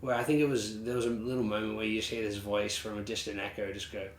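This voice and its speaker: Rambling man, low voice in a roomy space. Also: little pitch movement, quick pace. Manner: rambling, many fillers and restarts. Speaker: podcast co-host. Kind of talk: casual music review chat. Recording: roomy sound with faint ambient noise.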